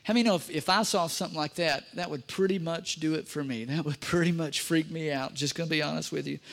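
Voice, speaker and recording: A man's voice: fairly high pitch, fast, vocal fry, fairly bright tone. A man preaching a sermon as pastor, emphatic, repeating key phrases and speaking straight to the congregation.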